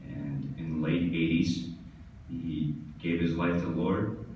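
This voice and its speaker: A tennis pro accepts his hall of fame induction with a speech of funny stories, laughing along as he goes. He speaks slowly in a low voice with fairly even intonation. The distant, echoey hall recording has its highs cut off and a little hiss or hum.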